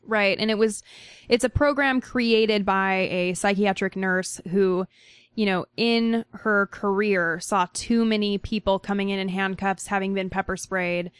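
A woman's voice: mid-range voice, steady tone, measured pace, clear, resonant tone, no echo. A woman co-hosting a podcast, explaining news stories in casual conversation. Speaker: podcast co-host.

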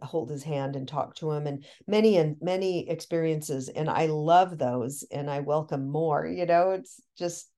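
A woman guest on a podcast, telling a long personal story in animated, excited bursts with many restarts. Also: low-pitched, unhurried, hardly any pauses. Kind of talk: casual storytelling.

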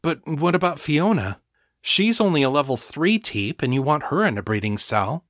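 A man reading an audiobook, voicing an indignant young male psychic healer who shouts at a collective mind. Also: on the high side, animated, moderate pace, no echo, clean studio sound, pitched above the performer's own voice. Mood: subdued.

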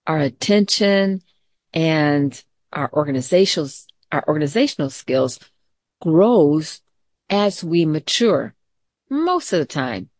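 A middle-aged woman teacher giving a gentle, calm mindfulness lesson to children, mixing story time with questions to the class. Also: low-pitched, no room sound, clean studio sound.

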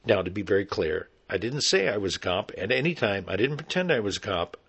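A middle-aged man, an actor, telling a personal story in an animated, conversational way. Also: lowish voice, a little fast, breathy edge.

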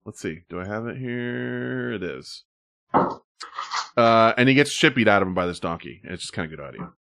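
Bright, lively-voiced male podcast host. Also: on the low side, normal speed, creaky. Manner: laughs often, loose and profane. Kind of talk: casual chat about viral videos.

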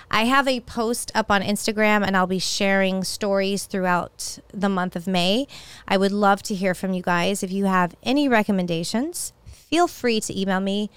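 A woman's voice: medium pitch, clear, resonant tone, dry recording. A middle-aged woman hosting a solo podcast, talking in a candid, personal, conversational way. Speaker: podcast host.

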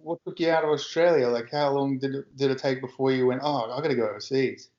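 A man's voice: medium pitch, quick pace, a little mellow, slight background noise. A man hosting a casual interview, nudging with short affirmations and questions. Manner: encouraging, lots of short affirmations. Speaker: interviewer, host. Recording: roomy, muffled recording.

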